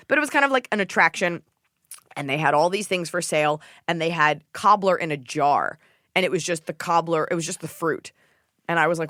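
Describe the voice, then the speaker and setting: Animated woman podcast host, dry sound. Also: lowish voice, a little fast, no room sound. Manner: animated storytelling, acts out quotes, swears freely. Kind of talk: casual comedic chat.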